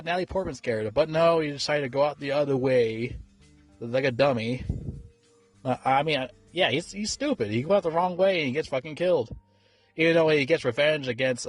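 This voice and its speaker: A man's voice: mid-range voice, no room sound. A man giving a casual film review, rambling and swearing freely, with many fillers and restarts. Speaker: movie reviewer.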